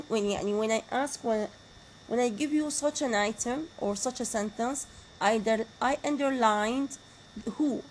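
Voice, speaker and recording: Woman teaching grammar, repeats examples slowly, kinda high voice. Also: darkish tone, a little hiss or hum, poor audio. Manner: repeats example sentences slowly, mixes in Arabic asides. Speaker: university lecturer. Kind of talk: grammar lecture.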